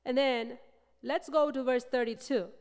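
A passionate woman preacher delivering a sermon, her fairly high voice rising into loud, repeated build-ups and dropping to hushed asides. She is recorded in a church sanctuary, with a long reverb trailing each phrase. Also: fairly even intonation, measured pace, clear, resonant tone. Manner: passionate, swings from loud emphatic build-ups to soft low passages.

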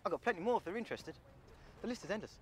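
A man's voice: sits high, animated, very fast, slight background noise. An actor playing an overconfident young man who brushes off every worry. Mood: breezy. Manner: glib, overconfident reassurance. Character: overconfident young male schemer. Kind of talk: film acting.

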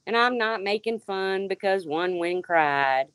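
A woman's voice: mid-range voice, lively intonation, unhurried, a bit bright, smooth, no echo. A woman hosting a livestream, sarcastically calling out a rival and answering her chat by name. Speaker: livestream host. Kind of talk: confrontational livestream rant.

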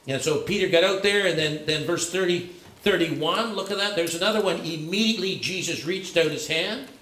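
Male pastor with a high voice in an echoing church. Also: a little fast, pushed and bright. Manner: conversational, searching, frequent restarts and fillers. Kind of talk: sermon. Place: church sanctuary. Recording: echoey church room.

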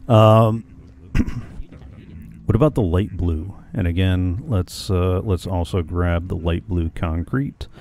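Slow, deep-voiced man musing on stream. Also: dark tone, slight background noise. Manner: musing aloud, hesitant with frequent ums and restarts; chatting with viewers in the chat. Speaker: live streamer. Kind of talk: casual live-stream chat while playing.

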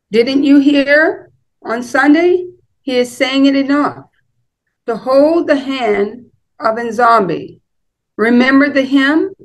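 A woman's voice: on the high side, rough recording. A woman, a member of the group, earnestly urging listeners to follow their teacher.

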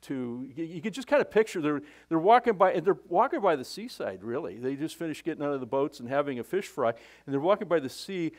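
A man's voice: on the high side, lively intonation, fairly quick, hardly any pauses. A middle-aged male pastor preaching a sermon in a conversational, folksy way, often restarting his sentences.

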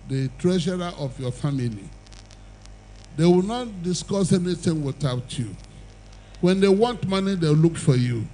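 A man's voice: on the high side, warm tone, slight background noise, rough recording. An older man preaching an evangelistic sermon and altar call, with emphatic, repetitive exhortation and the odd chuckle.

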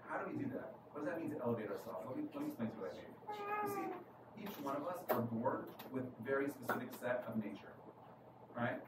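A man with a New York accent preaches in a loose, conversational way, checking in with his listeners again and again. He is caught from a distance in an echoey room. Steady background noise sits under his voice. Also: mid-range voice, fast talker. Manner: conversational, keeps asking "right?". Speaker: rabbi. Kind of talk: sermon. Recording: echoey room from far off, noisy.

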